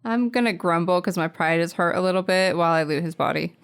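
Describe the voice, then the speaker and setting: Playful low-voiced woman player. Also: fast talker, clean tone. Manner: playful, laughs often. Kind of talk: tabletop game play.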